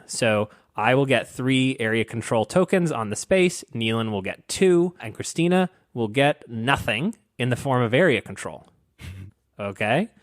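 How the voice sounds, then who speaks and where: A man co-hosting a casual podcast, explaining a board game in a sarcastic, animated way. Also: medium pitch, no room sound, studio quality. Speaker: podcast co-host.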